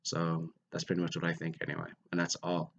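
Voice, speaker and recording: A man's voice: low voice, monotone, fairly quick, creaky, muffled recording, a little hiss or hum. A young man giving an earnest, rambling faith talk to his camera, restarting his sentences often. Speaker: vlogger.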